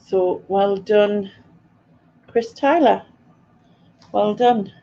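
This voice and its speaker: A woman's voice: medium pitch, very slow, vocal fry, mellow. A woman hosting a live quiz stream in a chatty, giggly way, reading out viewers' answers. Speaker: quiz host. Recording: dull lo-fi stream audio with faint ambience.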